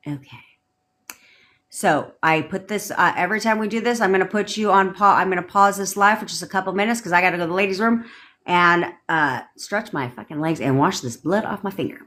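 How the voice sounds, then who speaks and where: A woman's voice: fairly low pitch, brisk, fairly bright tone. A woman manifestation coach on a livestream, ranting bluntly with lots of swearing and repeating commanding affirmations.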